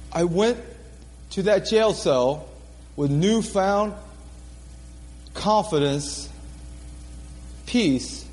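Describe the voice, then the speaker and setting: A man with a high-sitting voice preaches a sermon testimony, earnestly telling his own story, repeating phrases for emphasis and laughing at himself. The recording has a long reverb tail.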